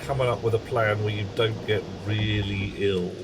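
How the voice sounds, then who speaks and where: A man's voice: lowish voice, steady tone, moderate pace, noisy background. A man streaming a game live, rambling through wry, chatty asides to his viewers. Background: game music.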